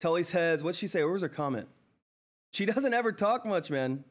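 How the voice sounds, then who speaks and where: Male livestream host, somewhat high voice, excitable and gushing, laughs between lines, seated at home. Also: moderate pace. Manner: effusive, thanks viewers over and over, laughs often; excitable, flustered exclamations. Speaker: livestream host reading viewer chat. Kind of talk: live stock-trading stream commentary.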